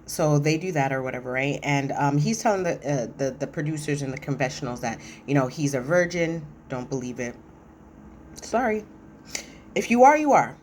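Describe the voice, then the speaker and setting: A woman with a low voice talks through a reality TV episode in a loose, chatty recap. She is sassy and opinionated and leans on fillers as she goes. A faint hum of noise sits behind her. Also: lively intonation, normal speed, darkish tone. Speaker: reality TV review commentator. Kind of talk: casual recap commentary.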